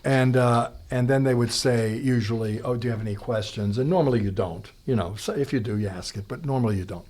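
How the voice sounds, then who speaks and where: This is a man with a middle-pitched, ordinary voice, telling stories from his acting career as a podcast guest. He takes his time and briefly acts out what other people said. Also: darkish tone. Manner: unhurried storyteller who acts out quoted dialogue. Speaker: guest actor. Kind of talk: anecdotal podcast conversation.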